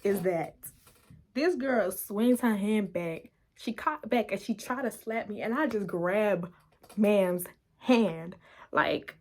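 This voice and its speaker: A young adult woman vlogger telling a story in a casual, animated way, laughing often and acting out the quotes. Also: mid-range voice, slow pace.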